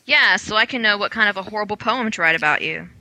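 A woman's voice: mid-range voice, fast, bright, forceful tone, no room sound, poor audio. A woman co-hosting a podcast in casual chat, sarcastic and crude. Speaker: podcast co-host.

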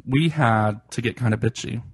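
Brief: male podcast co-host, mid pitch, gossipy, laughs a lot, casual banter. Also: normal speed, husky. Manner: chatty, gossipy, laughs often. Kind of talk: casual chat.

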